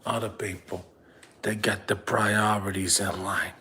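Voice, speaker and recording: A man's voice: fairly low pitch, level tone, a little slow, slight background noise. A comedian playing a nagging middle-aged father who drives a bus, scolding his son over and over. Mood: hushed. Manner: scolding, repetitive, drops to hushed whispers. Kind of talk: comedy character monologue.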